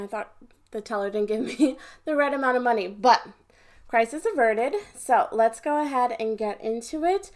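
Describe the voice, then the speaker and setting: Casting: upbeat woman in her twenties, casual vlog chat, a bit higher-pitched. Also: moderate pace, darkish tone. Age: 20s. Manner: chatty, upbeat, talks while counting cash. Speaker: budgeting vlogger.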